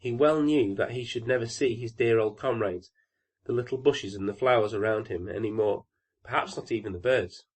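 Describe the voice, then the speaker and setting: A man narrating a classic fairy tale audiobook in a calm, even storytelling manner. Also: fairly low pitch, normal speed.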